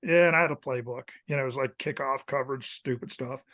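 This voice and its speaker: Speaking quickly at a medium pitch, a man in his fifties who once kicked for a college team swaps casual stories as a podcast guest. He's an animated storyteller who performs the voices of the coaches he quotes in this relaxed interview.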